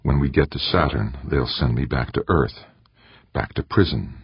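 A scheming, brooding man who frets about losing his grip on power, as a man reads him in an audiobook. The voice is extremely deep and husky. It is recorded dry and sounds a little dull and lo-fi. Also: normal speed, no room sound, exaggerated voice. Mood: anxious. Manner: anxious, brooding inner voice. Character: scheming ambitious man, an ex-convict leader.

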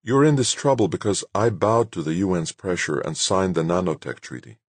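A man voicing a composed woman head of state who asks measured, searching questions, read in an audiobook. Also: deep voice, lively intonation, dry recording, pitched above the performer's own voice. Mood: concerned.

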